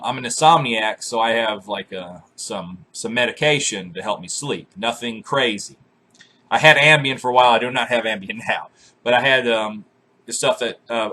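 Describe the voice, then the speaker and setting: A man in his twenties telling crude, comic stories to camera, cursing freely, laughing often and breaking into loud shouted re-enactments. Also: fairly low pitch. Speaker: vlogger.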